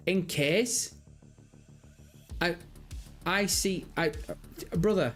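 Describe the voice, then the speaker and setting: Speaking extremely slowly and pausing often, a young Birmingham-accented Englishman in his twenties hosts a live stream over soft background music. His high, slightly bright voice rambles casually and swears freely as he reads viewer comments.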